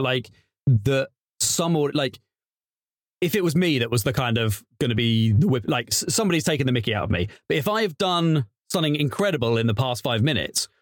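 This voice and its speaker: A man's voice: mid-range voice, no room sound, clean studio sound. A man talking casually as an improv comedian guest, chatty and rambling. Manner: chatty, rambling with restarts and laughs. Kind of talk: casual interview chat.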